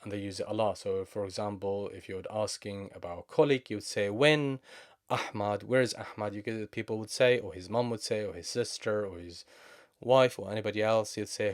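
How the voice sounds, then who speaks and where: A man with a Levantine Arabic accent teaches a language lesson. His voice sits fairly low. He speaks patiently and moves back and forth between English explanations and Arabic example phrases. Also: darkish tone.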